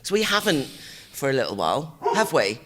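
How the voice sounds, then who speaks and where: Rapid, chatty man, mid pitch, teasing co-host, casual chat. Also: huge pitch swings, a bit bright, a little hiss or hum. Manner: chatty, teasing, quick asides. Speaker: podcast co-host.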